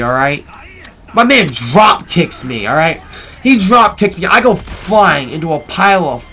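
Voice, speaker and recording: A man's voice: high-pitched, pushed and bright, a little hiss or hum. A man casually telling a long story over gameplay, rambling and swearing, tagging "right?" onto his sentences. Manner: rambling, profane, keeps asking "right?". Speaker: gaming video host.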